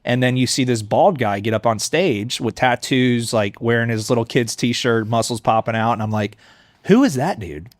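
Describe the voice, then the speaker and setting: A man's voice: medium pitch, steady tone, no echo, clean studio sound. A man in his thirties, a mayoral candidate, telling his life story candidly and earnestly in a podcast interview. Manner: earnest, candid, quick to laugh. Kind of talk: conversational storytelling. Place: on-site in a coffee shop.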